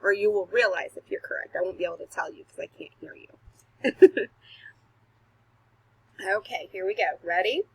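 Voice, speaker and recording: A woman teacher recording a phonics lesson for young children at home, sounding out letters slowly and patiently, laughing at her own slips. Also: mid-range voice, fairly bright tone, slightly rough, no room sound, low-quality recording. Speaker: kindergarten teacher. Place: home recording, not a classroom.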